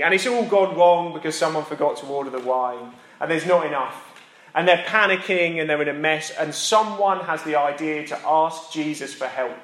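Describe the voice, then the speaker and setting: A man preaching a sermon in a chatty, self-deprecating manner that rises to emphatic, repeated lines. His voice sits a little high. The sound carries the roomy echo of a church. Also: a bit bright.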